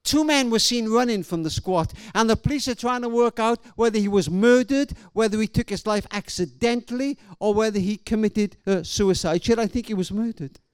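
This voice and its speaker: A middle-aged man preaching a sermon, telling stories and swinging between raised and hushed delivery. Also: high voice, normal speed, hardly any pauses, clean tone, no room sound. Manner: storytelling, swings from loud to hushed. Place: church hall or event venue.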